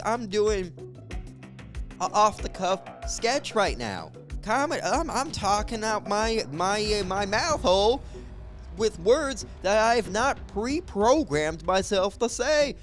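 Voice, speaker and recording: High animated comedian man. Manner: animated, jumps between voices for characters. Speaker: stand-up comedian. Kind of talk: improvised stand-up storytelling.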